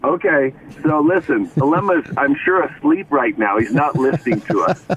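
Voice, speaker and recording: A man's voice: fairly high pitch, animated, normal speed, crowd noise. A male basketball analyst calling into a radio show, joking in playful banter. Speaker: basketball broadcast analyst, guest. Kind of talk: casual radio interview. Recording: phone line call-in.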